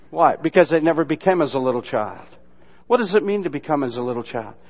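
A man preaching a sermon in a folksy, mocking, humorous way, mixing Bible lessons with sudden loud imitations. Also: medium pitch. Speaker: pastor. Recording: dull lo-fi sermon recording.

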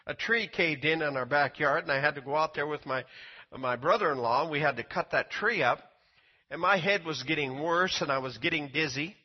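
An older man preaching a sermon, telling a personal story in a folksy way, often repeating words and climbing high when he quotes people. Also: moderate pace, husky, highs cut off.

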